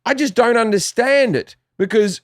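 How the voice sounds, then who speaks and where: A man's voice: very high voice, lively intonation, moderate pace, no echo, clean studio sound. An Australian man guesting on a podcast, talking in a blunt, profane, rambling way with lots of restarts. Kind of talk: casual chat.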